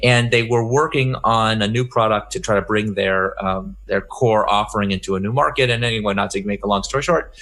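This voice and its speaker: A man's voice: fairly low pitch, brisk. A middle-aged man giving a conference talk, telling a story and acting out the dialogue in a raised voice. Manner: animated anecdote, acts out dialogue in raised voice. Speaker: keynote speaker.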